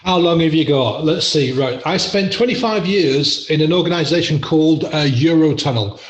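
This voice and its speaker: A man's voice: a little high, normal speed. Middle-aged english guy rambling thru stories, lots of little laughs, roomy echo. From England. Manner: chatty, self-deprecating, laughs often. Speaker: podcast guest. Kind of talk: casual storytelling interview.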